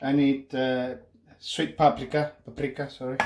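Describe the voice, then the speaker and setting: A man's voice: mid-range voice, flat delivery, normal speed. A middle-aged man from northwest Spain hosting a casual home cooking demonstration, rambling and chatty, full of fillers and tag questions. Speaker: cooking show host. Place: home kitchen. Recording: echoey kitchen with cooking noise.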